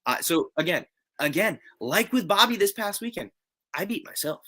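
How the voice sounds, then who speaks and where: Bright-voiced young man telling stories. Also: sits high, moderate pace. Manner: animated storytelling, laughs easily. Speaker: pro wrestler, interview guest. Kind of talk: casual interview chat.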